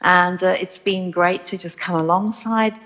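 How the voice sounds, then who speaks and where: A woman with a South African accent, a pastor, talking in a measured, articulate way on a phone-in. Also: lowish voice, fairly even intonation, a bit bright. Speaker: Salvation Army pastor. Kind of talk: phone-in chat.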